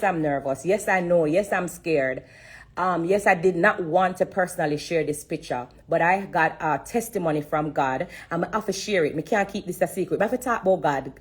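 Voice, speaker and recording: Low, husky Jamaican woman, close to tears. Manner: earnest, repeating phrases for emphasis. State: fighting back tears. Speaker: live-streamer. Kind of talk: emotional live-stream testimony. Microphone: phone.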